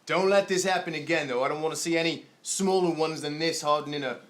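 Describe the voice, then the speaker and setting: A man voicing a greedy, grumbling male ship crewman who haggles in rough working-class speech. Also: fairly high pitch, quick pace, lightly acted. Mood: gruff. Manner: gruff, bargaining, rough working-class grammar.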